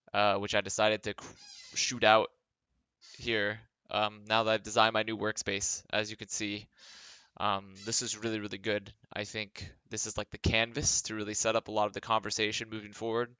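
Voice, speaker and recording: A man's voice: fairly low pitch, flat delivery, moderate pace, sharp tone, smooth, no echo. A tired young man, a former esports pro, talking in a casual vlog monologue from his home workspace, rambling with lots of fillers and dry sarcasm.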